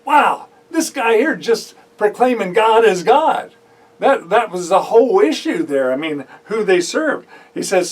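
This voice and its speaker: A man's voice: sits high, measured pace. A man preaching a sermon who tells a Bible story with animation, acts out its characters' voices and drives his points home by repeating phrases. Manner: animated storytelling, acting out the voices of biblical figures. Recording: voice heard from a distance off the mic.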